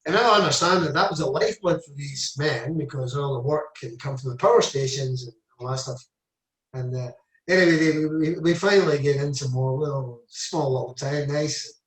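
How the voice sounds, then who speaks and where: Brief: Scottish man in his 70s, fairly high voice, rambling yarn-spinner, recorded in an echoey room. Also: normal speed, fairly bright tone. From Scotland. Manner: rambling anecdotes, lots of "I said" and "you know". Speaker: interview guest, former footballer. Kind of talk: casual storytelling. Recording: echoey room, mic at a distance.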